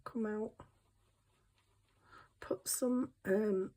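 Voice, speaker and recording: A woman's voice: low-pitched, lively intonation, a little slow, gravelly, slightly rough. A middle-aged woman, chatting to herself while crafting in a casual vlog, flustered and apologetic. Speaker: craft channel host.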